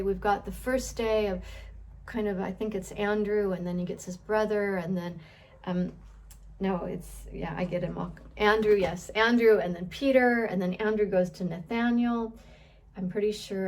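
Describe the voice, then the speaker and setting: A woman's voice: mid-range voice, darkish tone. A woman giving a casual Bible teaching, thinking aloud with frequent restarts and repeated words, and asking her listeners questions. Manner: conversational, asks the listeners questions.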